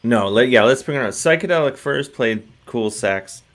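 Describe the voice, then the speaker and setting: A man's voice: medium pitch, animated, normal speed. A man hosting a casual talk show, rambling and self-deprecating, often restarting his sentences. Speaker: host.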